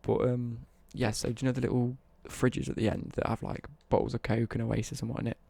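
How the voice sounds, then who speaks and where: Young English male streamer, dark husky gravel, casual rambling anecdote, swears freely. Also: medium pitch, level tone, a little fast, no echo. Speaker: livestreamer. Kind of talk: casual storytelling on a livestream.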